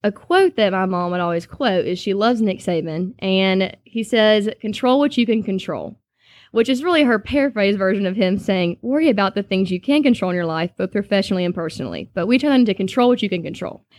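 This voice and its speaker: A young woman giving an earnest personal testimony, talking quickly and trailing off softly at times. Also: mid-range voice, dry recording, studio quality. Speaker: speaker sharing a personal testimony.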